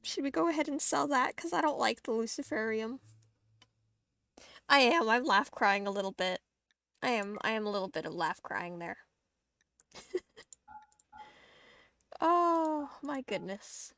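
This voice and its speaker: Speaking unhurriedly in a slightly high, expressive voice with vocal fry and a fairly bright tone, this woman streams a game with long pauses and no echo. She's chatty and giggly, addressing both herself and her chat during casual gameplay.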